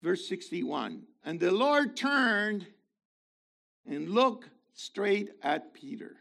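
A man delivers a sermon in a high, gravelly voice. His pitch swings widely as he jumps from loud, emphatic stretches to hushed asides. He slips in playful remarks along the way. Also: big pitch swings, extremely slow. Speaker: preacher.

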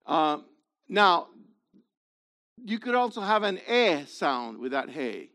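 A man teaching an informal Bible study lesson, explaining things in a halting way and often checking in with his listeners. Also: a little high, big pitch swings, sharp tone.

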